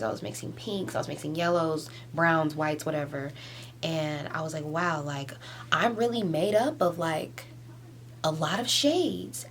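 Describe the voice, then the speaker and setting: A young woman in her twenties crying softly through a rambling confessional vlog at home, filling every pause with "like" and breaking into teary laughs. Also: low-pitched, slight background noise. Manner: rambling, heavy use of "like", tearful laughs. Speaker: vlogger. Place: at home doing a face mask.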